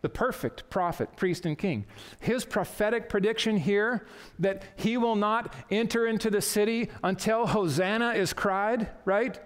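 A pastor preaching an earnest, emphatic sermon in a church. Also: male voice, high-pitched, animated, measured pace, big-room sound. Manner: earnest, emphatic preaching with quotes read aloud. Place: church sanctuary.

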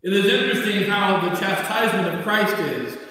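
A man preaching a sermon as a bishop, slow and emphatic, rising and dropping his voice. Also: high voice, bright, forceful tone. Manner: slow, emphatic preaching with sudden rises and drops. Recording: echoey church from far off.

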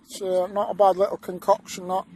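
A man's voice: sits high, little pitch movement, brisk, mellow, slight background noise. A man vlogging a metal detecting trip outdoors, joking and bantering with his mates. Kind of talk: casual outdoor vlog chat. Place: outdoors in fields.

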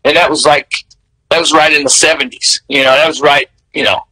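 Man, 60s, interview guest; high, crisp, lively storyteller, dry sound. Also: fairly quick, no room sound, rough recording. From American South. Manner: animated, candid, laughs between memories.

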